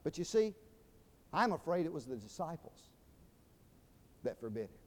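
A man's voice: on the high side, big pitch swings, moderate pace. An older man from Georgia with a Southern accent, preaching a sermon with folksy storytelling and humor that builds into emphatic proclamation. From Georgia, USA. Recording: long reverb of a large hall.

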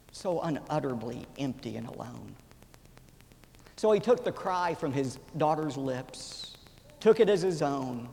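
A man in his forties preaching a sermon as a pastor, telling a story with drama, swelling loud and then dropping to a whisper. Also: medium pitch, vocal fry. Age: 40s. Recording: reverberant hall, faint background noise.

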